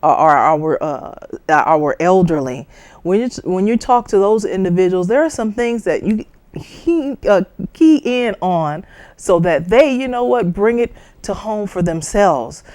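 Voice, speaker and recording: A woman giving a conversational talk on public speaking, lively and full of asides, jumping high in pitch to act out other people. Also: unhurried, dry recording. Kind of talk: instructional talk.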